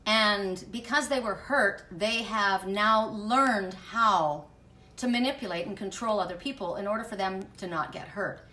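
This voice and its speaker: Middle-aged woman, spiritual reader, candid and blunt personal monologue, bright voice, echoey room, a bit off-mic. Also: medium pitch, measured pace, distant mic. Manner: candid, blunt, swears when angry.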